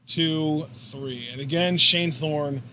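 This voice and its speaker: A man co-hosting a live wrestling reaction stream, animated and jokey, calling the moves as they happen. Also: takes it slowly, slight background noise. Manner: animated, jokey, jumps up in pitch at big moves. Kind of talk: excited live commentary and banter.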